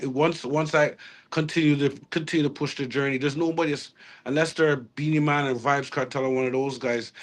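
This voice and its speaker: A man, a reggae artist talking casually in an interview, rambling with restarts and slang. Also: mid-range voice.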